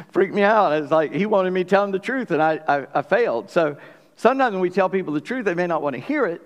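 A man preaching a sermon as pastor, in a conversational, folksy way with asides to the congregation. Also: medium pitch. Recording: long hall reverb.

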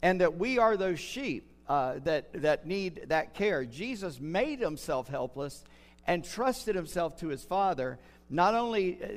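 An older pastor preaches in a hall with long reverb, his voice sitting a little high for a man. He speaks earnestly and slows down to lean on the words that matter. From United States. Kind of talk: sermon.

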